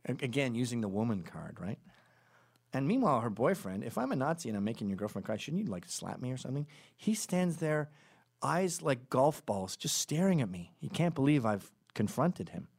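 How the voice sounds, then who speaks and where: A man's voice: mid-range voice, very animated, a little fast, gravelly, a little mellow, husky. A man hosting a podcast, telling a long casual story with many asides and self-corrections, and acting out the other people in it. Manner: acts out quoted voices in the stories. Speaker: podcast host.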